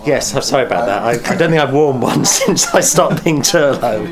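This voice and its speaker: A man's voice: mid-range voice, expressive, a little fast, crowd noise. A man, an actor guest, chatting playfully and mocking himself. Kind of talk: casual chat.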